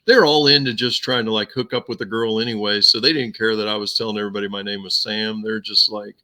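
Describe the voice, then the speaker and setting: A man hosting a podcast, telling stories in a casual, animated way and laughing often. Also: on the low side, quick pace. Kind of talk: casual chat.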